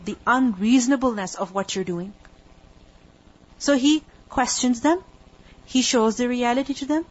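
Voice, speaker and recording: A woman's voice: on the high side, moderate pace. A woman teaching a religious lecture, explaining each point and posing rhetorical questions that she then answers herself. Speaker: Quran teacher. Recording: dull lo-fi recording.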